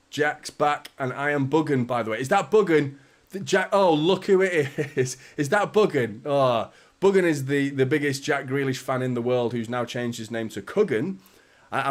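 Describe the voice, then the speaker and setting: Chatty man on a live stream. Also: medium pitch. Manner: chatty, greets viewers by name, swears casually. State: a little out of breath. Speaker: football watchalong streamer. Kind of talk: casual live stream chat.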